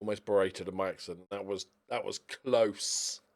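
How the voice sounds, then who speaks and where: A man's voice: fairly low pitch, fairly even intonation, normal speed, creaky. A man giving chatty let's-play commentary on a football management game, cheering his team on as matches play out, recorded on a desk microphone. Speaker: video game streamer.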